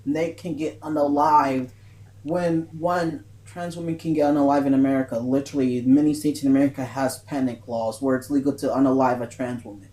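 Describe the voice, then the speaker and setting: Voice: medium pitch, fairly even intonation, a little fast, dark tone. A speaker in a casual live-stream discussion who starts hesitantly, then explains at length.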